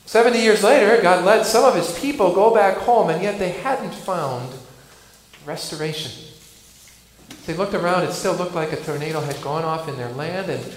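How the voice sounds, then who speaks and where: A man preaching a sermon, earnest, rising loud and dropping soft for emphasis. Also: high-pitched, normal speed. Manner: earnest, builds and drops volume for emphasis. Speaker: pastor. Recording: echoey hall with faint noise.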